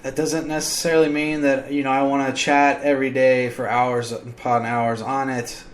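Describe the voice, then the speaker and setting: A man's voice: mid-range voice, level tone, moderate pace, slight background noise. An American man hosting his own podcast, talking in a blunt, exasperated and profane ranting monologue. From United States. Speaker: podcast host.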